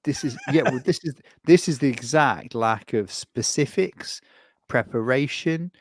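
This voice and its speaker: A man's voice: mid-range voice, expressive, measured pace, no echo, clean studio sound. A man co-hosting a casual podcast, teasing the others in a wry, mock-formal way. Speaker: podcast co-host.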